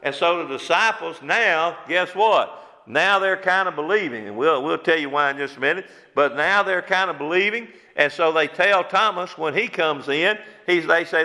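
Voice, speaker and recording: A man preaching a sermon as pastor, repeating phrases, asking rhetorical questions and slowing down to stress key words. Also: fairly high pitch, sharp tone, big-room sound. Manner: repetitive preaching, rhetorical questions, slows for emphasis.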